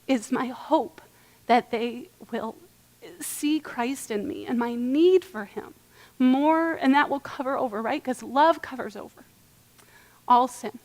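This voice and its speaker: A woman's voice: high voice, slow pace. A young woman presenting a church parenting workshop, earnest and emphatic, often checking in with the audience.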